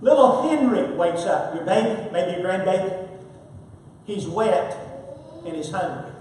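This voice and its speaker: A man's voice: high voice, expressive, unhurried, a little mellow, slight background noise. A man preaching an emphatic sermon, repeating phrases and swinging his volume up and down. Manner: emphatic, repetitive, rises and falls in volume. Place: church sanctuary. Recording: echoey hall, picked up from far off.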